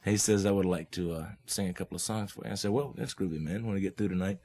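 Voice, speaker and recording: This guest musician from Oklahoma has a low, mellow voice and talks at a quick pace. The young man spins casual stories full of laid-back hip slang, laughing frequently as he imitates the characters involved.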